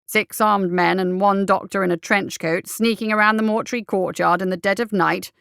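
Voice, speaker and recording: A woman voicing a short, brisk and pompous male guild captain. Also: mid-range voice, steady tone, vocal fry, a bit bright, clear, resonant tone, no echo, clean studio sound. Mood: blustering.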